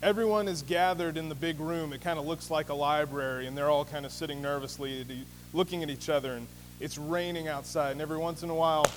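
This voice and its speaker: High-voiced man preaching in a reverberant hall. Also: fairly even intonation, quick pace. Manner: conversational storytelling, many fillers. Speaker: pastor. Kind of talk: sermon. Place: church sanctuary. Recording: reverberant hall with faint hum.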